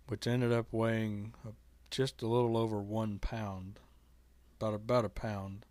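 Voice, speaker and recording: Slow, low-voiced middle-aged man. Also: dry recording. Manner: halting, restarts often, gentle and earnest. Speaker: vlogger telling a kitten rescue story. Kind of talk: casual storytelling to camera.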